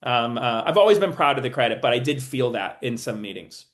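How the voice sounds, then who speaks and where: Halting man, guest writer. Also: mid-range voice, expressive. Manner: halting, restarts a lot while thinking. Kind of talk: casual interview chat.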